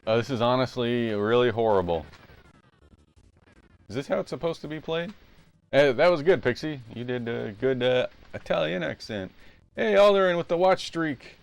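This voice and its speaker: A man's voice: medium pitch, lively intonation, normal speed, vocal fry. A man live-streaming retro games, chatting casually and rambling as he plays at home. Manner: rambling, self-correcting.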